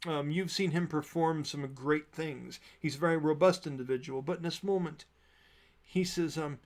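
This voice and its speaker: Brief: male game master narrating scenes, with a bit of a lifted pitch and plenty of fillers. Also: steady tone, normal speed. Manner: descriptive, with frequent fillers.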